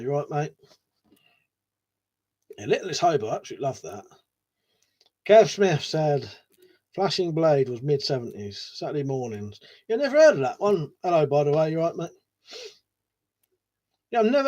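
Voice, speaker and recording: A man with a fairly high, darkish voice hosts a laid-back live stream. He rambles, swears a lot, and laughs while reading viewer comments aloud.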